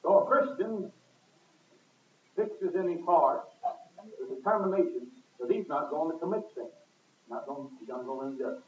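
A man preaching a sermon in a church, pressing his points with sudden loud emphasis and swinging his voice up and down. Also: on the high side, animated, moderate pace, long pauses. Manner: emphatic, rising and falling with sudden loud stresses. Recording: echoey, distant, tinny lo-fi recording.

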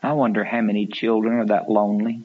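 A man's voice: fairly low pitch, little pitch movement, fast, husky. Preacher man, dull old recording. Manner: storytelling with acted quotes, rising to loud pleading peaks. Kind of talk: sermon.

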